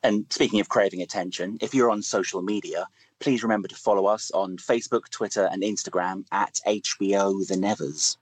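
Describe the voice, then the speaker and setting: A man co-hosting a casual podcast, speaking in a measured way with dry humor. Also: fairly low pitch, fairly even intonation, no room sound, low-quality recording. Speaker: podcast co-host.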